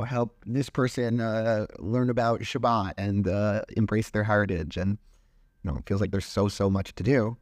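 Low-voiced man in casual podcast chat. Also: dry recording, studio quality. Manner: relaxed, rambling, with frequent fillers and restarts. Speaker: podcast co-host. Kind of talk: casual chat about scripture.

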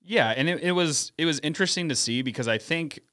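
A man's voice: a little high, fast talker, a bit bright. Rambling male podcast co-host. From St. Louis. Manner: rambling, lots of restarts and hedging fillers. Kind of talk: casual podcast chat.

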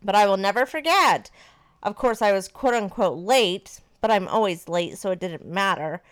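A woman in her thirties casually telling a personal story to her partner, animated and swearing freely. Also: medium pitch, normal speed.

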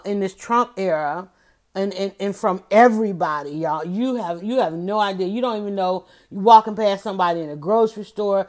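Woman commentator, casual opinion talk, emphatic and animated, mid-range voice, speaks right to her audience. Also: medium pitch. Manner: emphatic, animated, addresses listeners directly.

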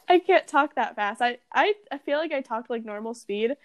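A woman with a smooth, clear, fairly high voice chats casually, laughing easily and leaning on "like" and "um" as she talks. Her tone is loose and chatty, with frequent giggles. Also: animated, moderate pace, a bit bright, no echo. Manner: giggly, filler-heavy fan chatter. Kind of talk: casual chat.

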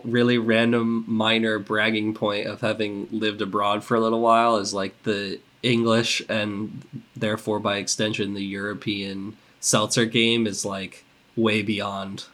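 A man's voice: fairly low pitch, bright, forceful tone. A young man with a congested voice hosting a casual podcast, rambling and upbeat with plenty of fillers. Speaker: podcast host.

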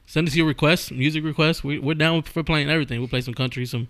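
A man hosting a casual podcast, playful and quick to laugh, who often stumbles over his words. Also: a little high, steady tone, a bit bright. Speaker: podcast host.

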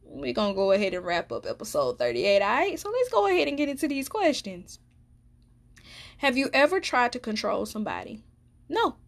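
This woman hosts a solo podcast, delivering a casual monologue in a voice that's a little high, brisk, and wildly swooping in pitch. She talks candidly and emphatically, swearing freely.

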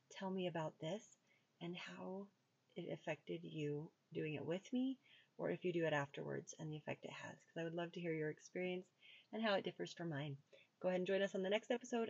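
Woman host, low-ish gravelly husky voice, laid-back chatty talk, dry dull-sounding mic. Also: dry recording. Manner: relaxed, chatty, soft-spoken when guiding. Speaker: podcast host. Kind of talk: casual podcast talk and guided meditation.

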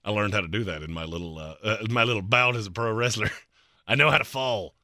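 A man's voice: lowish voice, fast, sharp tone, no room sound, studio quality. A man co-hosting a sports talk show, joking and emphatic, with sarcastic asides. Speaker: sports radio co-host.

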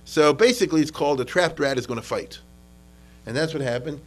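Animated man giving a history lecture. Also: a little high, a little fast, low-quality recording. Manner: animated, acts out quotes, many restarts. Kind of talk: classroom lecture. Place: lecture room with students.

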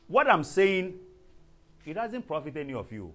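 Animated preacher man with lively pitch. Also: normal speed, faint music behind. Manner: animated, calls to the congregation, bursts into speaking in tongues. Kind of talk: teaching sermon.

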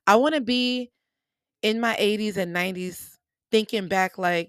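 A woman's voice: medium pitch, measured pace, clean tone, dry recording, clean studio sound. A young adult woman hosting a podcast, talking casually and encouragingly to her listeners, calling them y'all. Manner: animated, chatty, addresses listeners as y'all. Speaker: podcast host. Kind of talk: casual motivational podcast talk.

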